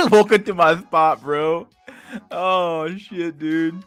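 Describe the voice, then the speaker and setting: A man's voice: fairly high pitch, drawn-out words, dry recording, soft background music. Profane young male livestreamer ranting. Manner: profane, rambling, bursts into loud laughter. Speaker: livestream host. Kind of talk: casual livestream rant.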